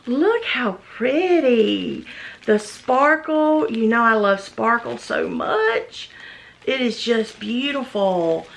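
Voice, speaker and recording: A woman's voice: a little high, animated, slow pace, creaky, a little hiss or hum. A woman gushing and gasping with delight as she opens gifts in a casual unboxing vlog. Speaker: vlogger unboxing a gift box.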